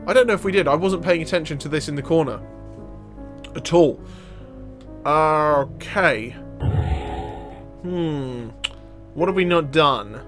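A young man giving excitable gameplay commentary, laughing and exclaiming as he plays. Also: on the high side, unhurried, long pauses. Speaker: gaming video host. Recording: game music playing loudly under voice. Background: game music.

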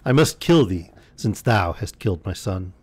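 A man reading aloud, voicing a huge, furious male genie with slow, solemn threats. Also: low-pitched, animated, slightly rough. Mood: merciless.

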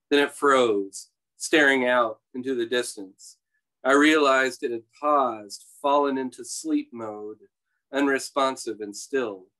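A man, the author, introducing and reading aloud from his novel at a public library event, pausing with fillers as he talks. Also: mid-range voice, bright, forceful tone, poor audio. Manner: halting, many fillers and restarts before reading.

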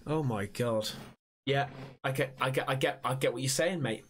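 A man with an English accent, reacting to videos in casual, sweary commentary with loud outbursts and lots of slang. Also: mid-range voice, normal speed, music in the background. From England. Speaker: YouTube reaction host.

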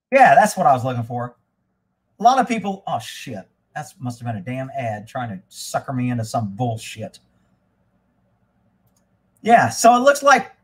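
Husky-voiced man rambling on a live stream. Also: on the high side. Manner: rambling, swears freely, animated when retelling stories. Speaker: livestream host. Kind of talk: casual livestream chat.

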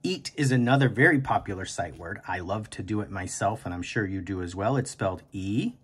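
A man hosting a kindergarten writing lesson, speaking slowly and encouragingly and stretching words out aloud. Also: on the low side, animated, husky. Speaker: teacher and podcast host.

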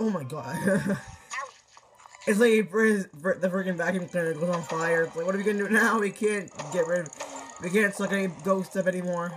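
Excitable high-voiced teen gamer. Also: male voice, poor audio. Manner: excitable, rambling, frequent restarts and exclamations. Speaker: gameplay commentator. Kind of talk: casual game commentary.

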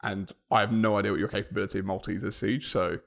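A man's voice: on the low side, flat delivery, fast, gravelly. A man co-hosting a podcast in casual chat, curious and full of questions. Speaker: podcast co-host.

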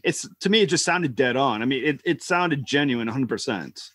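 A man's voice: medium pitch, expressive, moderate pace, a bit bright, no echo. A man hosting a podcast interview, easygoing and chatty, often restarting his sentences. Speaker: podcast host. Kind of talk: casual interview chat.

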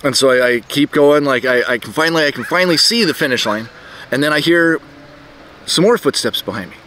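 Halting, rambling middle-aged man. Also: a little high, expressive, pushed and bright, a little hiss or hum. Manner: rambling, halting, many restarts and fillers. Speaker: vlogger telling a personal story. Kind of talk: casual storytelling. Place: outdoors, birds nearby.

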